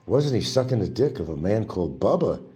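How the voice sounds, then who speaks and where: A man's voice: lowish voice, very animated, brisk, warm tone. A man hosting his own show, delivering an angry, profane and mocking monologue. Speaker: livestream host. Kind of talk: ranting political monologue.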